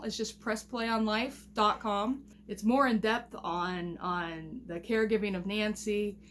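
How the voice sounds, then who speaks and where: A woman from Missouri in her thirties talks to her camera at home. She rambles in a chatty, easygoing way and laughs easily, her voice sitting at an ordinary middle pitch. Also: sharp tone, a little hiss or hum. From Missouri, US Midwest. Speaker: vlogger and family caregiver. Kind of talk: casual chat to camera. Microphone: camera mic at home.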